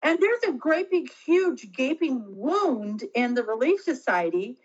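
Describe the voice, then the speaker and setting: A middle-aged woman, an interview guest, telling a personal story earnestly and haltingly, often restarting her sentences. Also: high voice, sing-song, slightly rough, muffled recording.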